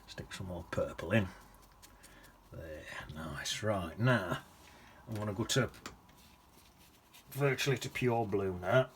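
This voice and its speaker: A man's voice: lowish voice, slow pace, long pauses, slight background noise. A man teaching watercolour, chatting casually and often dropping to a whisper as he paints. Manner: chatty, drifts into soft whispers and hums while painting.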